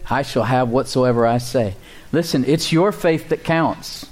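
A man preaching from the pulpit in a mid-range voice. He calls out to his congregation for responses and slows to a careful, deliberate pace when reading scripture. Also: medium pitch, a little mellow. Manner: reads scripture slowly and deliberately. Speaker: pastor. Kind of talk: sermon.

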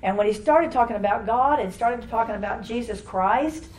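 An older woman giving a rambling, animated personal testimony to a church congregation, laughing often as she tells her story. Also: on the high side, moderate pace, low-quality recording.

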